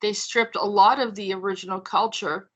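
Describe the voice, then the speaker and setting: A woman podcast host from the United States with a bright, forceful voice. She chats loosely and tells stories with plenty of "you know" and "um" along the way. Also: mid-range voice, steady tone, moderate pace, low-quality recording. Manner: chatty, storytelling with many fillers. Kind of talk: casual conversation.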